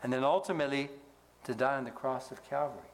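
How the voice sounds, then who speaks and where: A male pastor delivers a sermon in a mid-pitched voice. He invites the congregation to finish his sentences and lifts his voice for emphasis. A faint background hiss sits under the recording. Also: steady tone, fast talker. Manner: asks the congregation to fill in words; rises in pitch for emphasis, drops low to close points.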